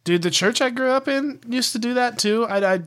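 A man's voice: extremely high pitch, fairly quick, a bit bright. A man co-hosting a podcast in casual chat, easygoing and hedging, with frequent laughs. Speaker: podcast co-host.

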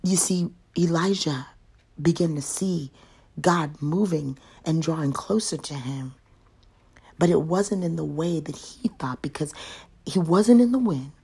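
A woman giving a Bible devotional, often dropping into a soft half-whisper and rising with emphasis on key lines. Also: deep voice, a little slow, vocal fry, slightly rough. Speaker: devotional speaker.

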